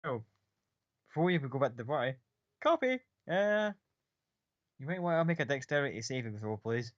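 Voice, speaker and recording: A man narrating as game master in a loose, rambling voice full of fillers and swearing, at a middling pitch. The sound is dry and slightly dull, close on the mic. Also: fast, no room sound.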